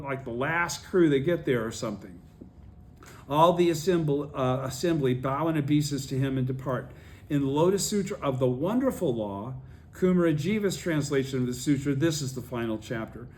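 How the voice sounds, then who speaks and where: A man's voice: mid-range voice, animated, a little fast, darkish tone. A man leading a study group, reading a text aloud and explaining it, often checking that his listeners follow.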